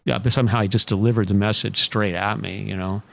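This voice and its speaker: A man telling a long personal story in a relaxed, anecdotal way, full of fillers. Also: fairly low pitch, fast talker, vocal fry. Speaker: podcast guest, author. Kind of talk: casual storytelling.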